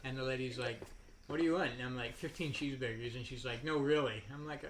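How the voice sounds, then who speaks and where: A man's voice: medium pitch, quick pace. Rambling man telling stories among friends. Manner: rambling, laughing, acts out quoted voices. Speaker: podcast host. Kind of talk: casual storytelling among friends. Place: home kitchen with friends. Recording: noisy home recording.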